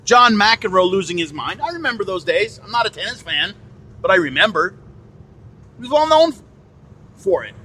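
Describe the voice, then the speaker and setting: A man's voice: sits high, big pitch swings, normal speed, pauses often, bright, forceful tone, husky. A man hosting a podcast, ranting bluntly and indignantly, swearing and repeating himself. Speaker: podcast host. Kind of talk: ranting opinion monologue. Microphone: phone.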